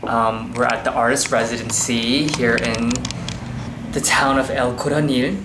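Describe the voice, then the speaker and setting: A man talks casually for his vlog as a painter, musing and loose, leaning on "like" and "you know." His voice sits at a middling pitch. The room around him rings with echo, and faint noise runs underneath. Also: little pitch movement, unhurried. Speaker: vlogger and painter. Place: indoors in a townhouse at an artist residency.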